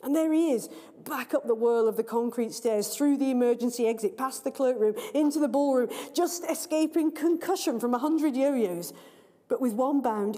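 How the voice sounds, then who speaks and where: A woman author reading her own story aloud, in a lively, playful storytelling manner, in a large library hall. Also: fairly high pitch. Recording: long reverb of a large hall.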